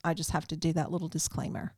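A woman's voice: low-pitched, little pitch movement, fast talker, darkish tone, slightly rough, dry recording, clean studio sound. A woman co-hosting a casual chat podcast, joking and laughing often. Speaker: podcast co-host.

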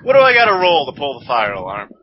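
A man's voice: fairly high pitch, huge pitch swings, fast talker, crowd noise. A man playing in a tabletop game, joking around and eager to cause trouble. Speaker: player. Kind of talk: casual tabletop game chat. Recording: dull lo-fi sound.

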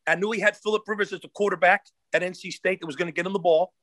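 Fast, bright-voiced former football coach. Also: male voice, high-pitched, dry recording. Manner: animated storyteller who acts out the people he quotes. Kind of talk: casual storytelling in a podcast interview.

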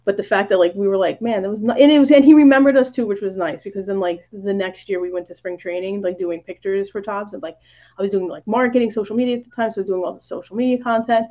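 A woman guest on a podcast tells stories in casual conversation, talking fast with a warm, medium-pitched voice. She fills her speech with "like" and acts out the lines she quotes, though the audio sounds dull.

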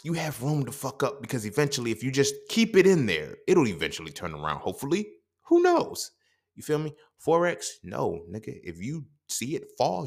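A young man hosting a casual podcast monologue, swearing freely and acting out quoted dialogue in his stories. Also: gravelly. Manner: profane, streetwise storytelling with quoted dialogue; animated, jumps up in pitch when quoting. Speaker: podcast host.

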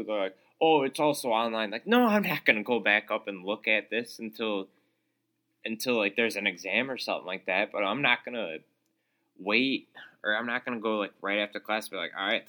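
A young man hosts a solo podcast and rants about his week in a casual, exasperated way, full of fillers and sarcastic asides. His voice sits a little low but comes across bright and forceful. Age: young adult. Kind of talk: casual ranting monologue. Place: small room, calls it his studio.

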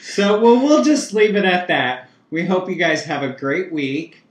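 A man's voice: sits high, very animated, measured pace. A man co-hosting a casual podcast, teasing and laughing often. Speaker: podcast co-host. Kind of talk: casual chat. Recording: roomy echo.

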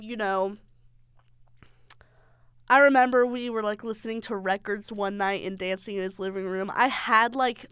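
A woman's voice: on the high side, a bit bright, clear, resonant tone, no room sound, studio quality. A young adult woman hosting a podcast, telling a personal story in a frank, sarcastic way and swearing freely. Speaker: podcast host. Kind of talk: candid storytelling monologue.

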